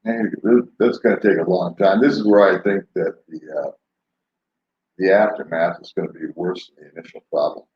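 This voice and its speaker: Chatting casually with viewers on his live stream, this older man rambles along unhurriedly, his fairly low voice holding a steady tone and breaking into frequent laughter. The recording is roomy and a touch dull, typical of a lo-fi home rig.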